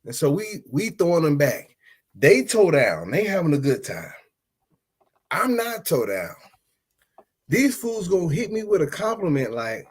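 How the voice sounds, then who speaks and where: A man hosting a podcast, telling a story in a casual monologue. He talks in slang and swings between loud outbursts and low mutters. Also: big pitch swings, normal speed, long pauses, husky. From United States. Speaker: podcast host.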